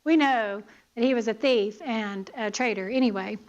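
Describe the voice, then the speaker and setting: A woman's voice: on the high side, moderate pace, lo-fi sound. A woman teaching a Bible lesson in church, earnest, asking her listeners pointed questions and often checking in with "okay?".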